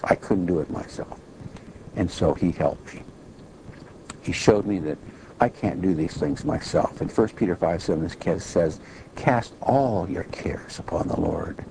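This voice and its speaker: A low, gravelly male voice with a dark, mellow tone. He preaches a personal testimony in an earnest, plain storytelling way, clearing his throat now and then. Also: a little hiss or hum, poor audio.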